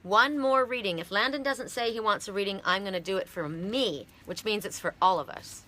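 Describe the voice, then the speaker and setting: A middle-aged woman from Canada giving a heartfelt, halting oracle card reading on a live stream. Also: mid-range voice, pushed and bright.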